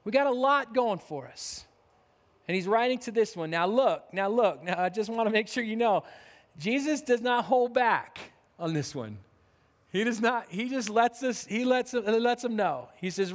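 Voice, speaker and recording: A man's voice: sits high, lively intonation, normal speed. A man preaching a sermon as pastor, in casual, repetitive talk with frequent restarts. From United States. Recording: long hall reverb.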